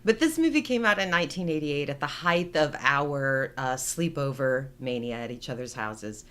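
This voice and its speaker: A woman's voice: low-pitched, lively intonation, moderate pace, a bit bright, clear, resonant tone. A woman in her forties, co-hosting a podcast in casual chat, with chatty storytelling. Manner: chatty storytelling, retelling film scenes. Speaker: podcast co-host.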